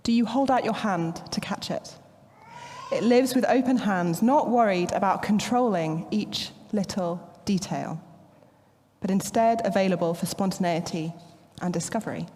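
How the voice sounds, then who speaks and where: Brief: woman preacher in her thirties, lively storytelling, middle pitch, echoing church hall. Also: normal speed, a little hiss or hum. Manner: playful, animated storytelling. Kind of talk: sermon.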